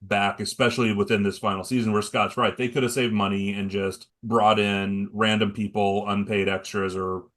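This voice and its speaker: A man with a somewhat low voice talks at a steady, measured pace on a podcast panel. He informs rather than performs, and drops the odd "uh" as he goes. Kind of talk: casual podcast chat.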